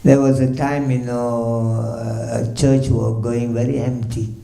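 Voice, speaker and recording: Mellow-voiced monk in an echoey temple. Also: male voice, mid-range voice, level tone, takes it slowly, vocal fry. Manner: leans on "you know" constantly, chuckles while telling. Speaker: swami giving a morning lecture. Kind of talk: sermon storytelling. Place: temple hall.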